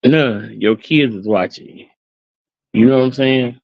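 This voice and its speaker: Male host, mid-pitched, earnest and rambling casual delivery, dry low-fi sound. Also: unhurried, gravelly, no echo, muffled recording. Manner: earnest, repetitive, filled with "you know what I'm saying". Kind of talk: casual heartfelt talk.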